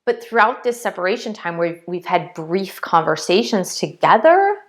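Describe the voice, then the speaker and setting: In a vlog, a woman with a lowish, very animated voice tells a heartfelt spiritual testimony at normal speed. Earnest and casual, she repeats herself and fills pauses with "like", sometimes getting emotional and close to tears.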